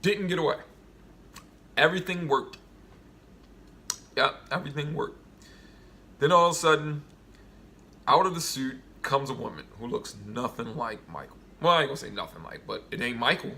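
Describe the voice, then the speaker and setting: A man giving a casual solo review of a TV episode, rambling and animated as he retells scenes with quoted voices. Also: medium pitch, normal speed, long pauses, a little hiss or hum.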